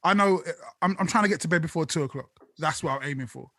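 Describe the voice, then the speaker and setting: A man's voice: fairly high pitch, quick pace, pushed and bright, no room sound. A man co-hosting a podcast in casual chat, wry and self-mocking. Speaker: podcast co-host.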